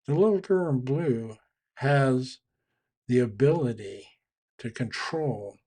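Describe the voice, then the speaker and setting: A man's voice: medium pitch, a little mellow. A man giving a conversational, explanatory talk on trust and leadership, with frequent restarts. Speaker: trainer on communication and leadership.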